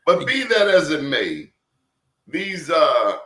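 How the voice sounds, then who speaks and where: A man's voice: fairly high pitch, sing-song, takes it slowly, pushed and bright. A man in casual conversation, telling stories emphatically with blunt slang. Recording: roomy echo.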